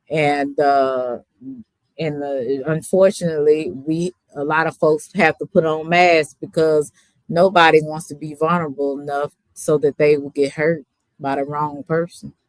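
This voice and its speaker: A woman hosting a casual panel chat, talking slowly and reflectively with lots of "you know" fillers. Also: low voice, dry recording. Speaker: host.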